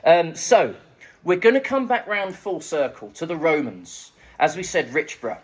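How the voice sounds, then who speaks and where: A fairly high-pitched young man from England, telling local history as a comic talk to a live audience. He chats along with self-mocking jokes and asides to the crowd. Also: very animated, normal speed. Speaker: festival speaker. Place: live event room with an audience.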